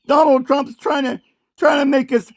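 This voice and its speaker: A man putting on a shrill, sarcastic falsetto to play a woman gushing with fake outrage. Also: level tone, moderate pace, no room sound, studio quality. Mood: mock gushing.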